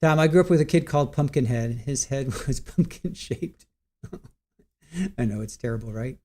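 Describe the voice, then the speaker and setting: A man's voice: mid-range voice, normal speed, warm tone. A man in his forties hosting a casual livestream, rambling, stumbling over words and reading viewer comments aloud. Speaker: livestream host.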